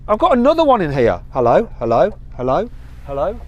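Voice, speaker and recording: A man's voice: on the high side, wildly swooping pitch, a little fast, lo-fi sound, slight background noise. Guy doing a car show from the driver's seat, goofy and chatty, voice jumps all over. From England. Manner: playful, self-mocking, chatty. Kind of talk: jokey car review chat. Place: inside a car.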